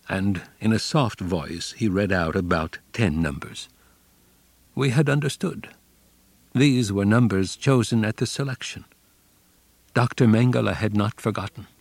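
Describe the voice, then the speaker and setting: A man narrating a memoir audiobook in a grave, measured, subdued way. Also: fairly low pitch, gravelly, dry recording. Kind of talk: scripted narration.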